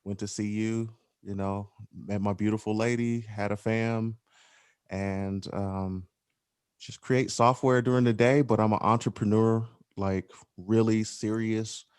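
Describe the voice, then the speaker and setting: An easygoing man with a low, smooth, resonant voice, recorded dry and close. He talks as a podcast guest in a joking, unhurried way. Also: level tone, a little mellow, no echo. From Colorado Springs, USA. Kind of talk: casual podcast conversation.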